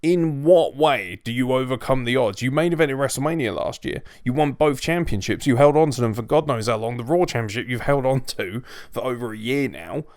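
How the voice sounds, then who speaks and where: Blunt male reviewer with a gravelly yet smooth voice, dry close sound. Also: mid-range voice, fairly quick, hardly any pauses, darkish tone, dry recording. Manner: blunt, sweary and emphatic. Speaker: wrestling show reviewer. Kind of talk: casual opinionated review.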